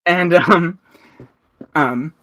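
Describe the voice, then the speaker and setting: A man running a tabletop game, narrating slowly in a rambling way full of fillers. His voice is bright and a bit high, with frequent laughs. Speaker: game master.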